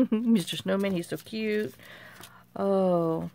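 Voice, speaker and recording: The craft channel host's voice is medium-pitched, creaky and mellow, and she takes her time. A middle-aged woman, she exclaims often and talks to herself while showing off each piece of handmade craft mail.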